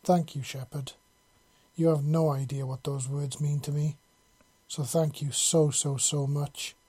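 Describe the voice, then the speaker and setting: A reader voicing a shy young male winged creature who stammers and repeats words timidly, in a husky, mellow voice. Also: mid-range voice, unhurried.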